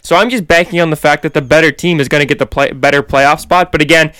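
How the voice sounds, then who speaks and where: Smooth-voiced man hedging his sports picks. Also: fairly high pitch, fairly even intonation, fast, a bit bright, no room sound. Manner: easygoing, hedging opinions. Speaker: sports podcast co-host. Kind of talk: casual sports debate.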